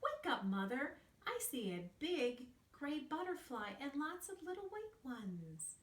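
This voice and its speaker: A woman voicing an excited little boy bear cub in a children's storybook, asking eager questions. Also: sits high, a little slow, voice pushed up. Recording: roomy echo, distant from mic.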